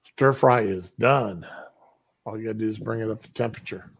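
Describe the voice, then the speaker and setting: Casual streamer guy, gravelly voice, rambling delivery, lo-fi audio. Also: on the low side, fairly quick, slight background noise. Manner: rambling, with fillers. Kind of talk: casual chat.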